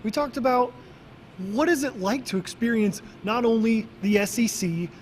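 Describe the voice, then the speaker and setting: A man's voice: extremely high pitch, normal speed, slight background noise. A man working as a sports anchor, chatting at the news desk and narrating a feature in an easygoing way.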